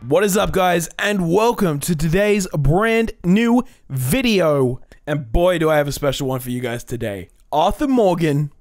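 A young man giving an energetic, hyped intro to his gaming video. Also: fairly high pitch, measured pace, no echo, studio quality, soft background music. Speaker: gaming YouTuber.

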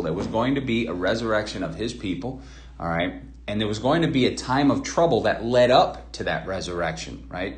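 Low-voiced man mocking a preacher. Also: echoey room. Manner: mocking, sarcastic, rambling with fillers. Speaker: video commentator. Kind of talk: critical commentary.

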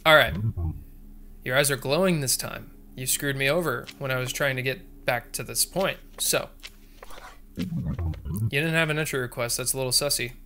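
A man's voice: medium pitch, normal speed, pauses often, sharp tone, slight background noise. A man doing joking horror game commentary, talking to viewers and muttering codes under his breath. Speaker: gaming video creator.

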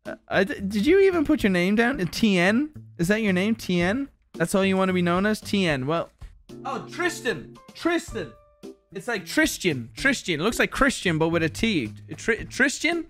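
A young man with a slightly high voice hosts a relaxed livestream, opening viewer parcels and reading their letters out. He is animated and throws in swear words freely. Faint music plays quietly behind him. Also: fairly quick. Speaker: streamer host. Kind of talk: casual livestream unboxing chat.

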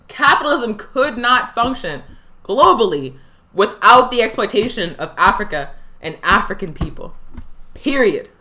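A woman's voice: mid-range voice, sharp tone. A young woman hosting a live political talk show, fiery and emphatic, hammering points home by repeating phrases. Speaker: political education show host.

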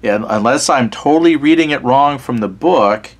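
Man, mid-pitched voice, casual solo board game playthrough, thinking aloud, relaxed, self-deprecating, reads scenario text. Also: normal speed. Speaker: board wargame player and channel host.

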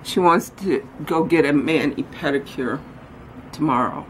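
This woman talks in a low-pitched, unhurried voice as she rambles through her errands and then at home, often laughing at herself in a casual vlog chat. It's a low-quality recording with a little hiss or hum.

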